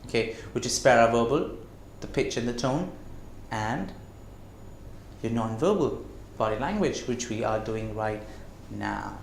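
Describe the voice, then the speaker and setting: A man giving a lesson on communication skills, who slows down to stress his words and keeps asking the listener rhetorical questions. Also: mid-range voice, wildly swooping pitch, vocal fry, slight background noise. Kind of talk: classroom-style lecture. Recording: echoey room.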